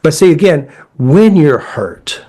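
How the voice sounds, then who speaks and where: Speaking slowly in a husky voice on the high side, this middle-aged man chats casually and shares stories. He's a therapist who developed his own healing method, and he talks plainly and folksily, animatedly performing quoted lines in changing voices.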